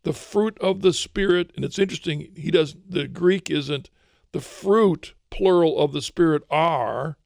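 A man talking through Christian ideas in a relaxed discussion, thoughtful and often repeating words as he searches for phrasing. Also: fairly high pitch, unhurried, gravelly, no echo, studio quality. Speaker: author and co-host of a faith discussion. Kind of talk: casual religious discussion.

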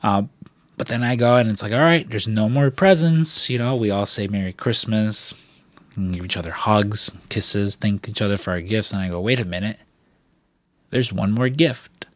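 A man's voice: on the low side, moderate pace, no room sound. Guy rambling thru a story, lots of likes and swearing, dry mic. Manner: rambling storyteller, swears freely, many fillers. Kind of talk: casual chat.

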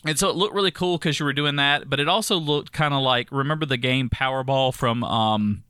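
Bright-voiced Southern man chatting. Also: mid-range voice, fairly quick, clear, resonant tone, no echo. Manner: chatty, rambling, animated when ranting. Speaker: podcast co-host. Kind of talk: casual chat.

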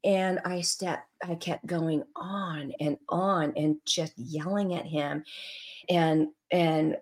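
Low-voiced woman telling a personal story. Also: steady tone, slow, darkish tone. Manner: emotional, earnest storytelling. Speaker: guest. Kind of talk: personal story in a podcast interview.

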